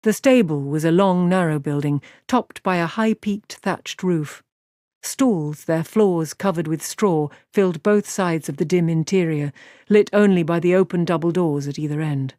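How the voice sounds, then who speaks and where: A woman with a lowish voice narrates an audiobook, telling the story in an even, measured way. The recording is dry and of studio quality.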